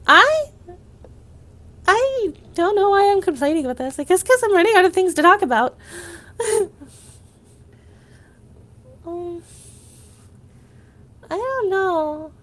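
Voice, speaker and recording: High-voiced woman venting on a livestream. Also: expressive, slow, pauses often. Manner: rambling, fillers of "like", restarts. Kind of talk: casual venting monologue.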